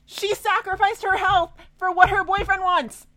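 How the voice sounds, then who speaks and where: A woman co-hosting a podcast in casual chat, animated and swearing, mimicking people in mocking voices. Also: very high-pitched, normal speed. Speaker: podcast co-host. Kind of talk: casual chat recapping a TV episode.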